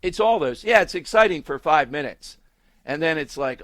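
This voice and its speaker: Emphatic talk radio host, fairly high voice. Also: male voice, expressive, moderate pace, fairly bright tone, no echo. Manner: emphatic, repetitive, scornful. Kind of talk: political talk radio commentary.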